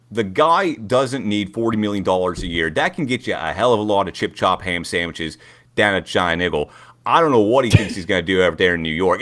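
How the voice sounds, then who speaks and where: A man putting on a brash male Pittsburgh sports fan, with a Pittsburgh accent, ranting in gruff local slang for a podcast comedy bit. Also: deep voice, a bit bright.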